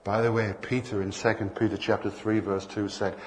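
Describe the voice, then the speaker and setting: An older man delivering a sermon in a lowish voice, with a faint hiss of noise under the recording. He moves easily between scripture and playful stories, acting out little exchanges with passersby. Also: level tone, a little fast. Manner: anecdotal, playful, acts out dialogue. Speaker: preacher.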